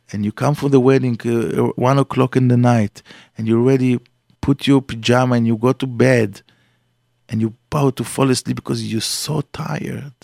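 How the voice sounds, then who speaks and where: A man giving a Torah class as a rabbi, telling stories with lively acted quotes and grammar. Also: mid-range voice, creaky, dry recording, studio quality. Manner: animated storytelling with acted quotes, non-native English grammar.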